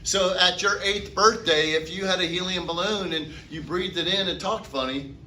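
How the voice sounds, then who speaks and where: Male teacher mid-lecture; bright, forceful tone; asks and answers his own questions; mic far off in an echoey room. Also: high-pitched, normal speed, a little hiss or hum. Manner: asks the class questions and answers them himself. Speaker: chemistry teacher. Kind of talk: classroom lecture. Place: classroom.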